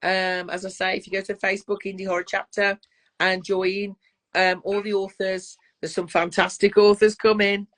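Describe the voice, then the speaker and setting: Woman, soft Black Country accent, chatty host, video call, mid-pitched voice. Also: level tone, normal speed. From West Midlands, England. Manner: warm, chatty, calls the guest darling. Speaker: podcast host. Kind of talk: casual interview chat.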